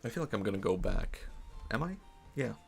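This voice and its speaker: A man's voice: fairly low pitch, sing-song, brisk, gravelly, soft background music. A man streaming a game and chatting casually, rambling and giggling through playful, absurd tangents. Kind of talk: casual gameplay commentary.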